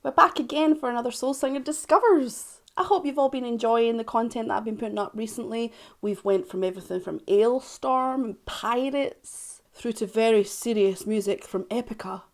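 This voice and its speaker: A Scottish woman with a raised pitch and a fry-edged voice talks casually as a music reaction host. She is chatty and self-mocking. She swings between loud remarks and hushed asides. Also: moderate pace, few pauses. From Scotland.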